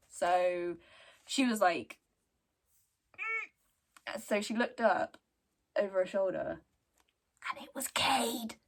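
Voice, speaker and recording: A woman's voice: fairly high pitch, husky. A young woman casually retelling a book's story, chatty and giggly. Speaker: book reviewer.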